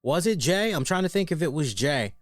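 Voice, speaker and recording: Animated, joking male wrestling show host. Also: a little high, fairly quick, no echo, studio quality. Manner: animated and joking, often tags lines with "right?". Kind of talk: casual wrestling review commentary.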